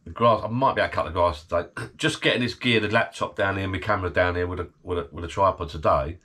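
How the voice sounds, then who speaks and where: A man's voice: deep voice, quick pace, sharp tone. A middle-aged man recovering from illness, chatting casually to his channel from his garden bar shed, rambling and laughing often. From United Kingdom. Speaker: channel host. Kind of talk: casual vlog chat.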